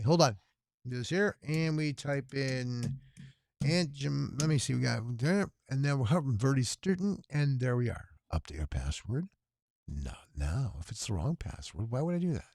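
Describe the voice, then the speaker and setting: Hosting a long livestream telethon on little sleep, a man chats to his viewers and mutters to himself as he types at his computer. His medium-pitched voice is gravelly and a little mellow, recorded in clean studio sound with no echo.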